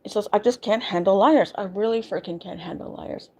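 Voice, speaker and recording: A woman's voice: mid-range voice, a little fast, creaky, darkish tone. A woman vlogger venting in a casual, emphatic way, repeating herself as she rants. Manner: emphatic, exasperated ranting with repetitions.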